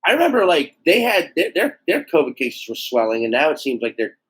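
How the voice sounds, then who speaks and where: Animated, swearing man telling stories. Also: a little high, a little fast, slightly rough, low-quality recording. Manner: animated storyteller, swears freely, acts out quotes. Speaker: guest comedian. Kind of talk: casual podcast interview.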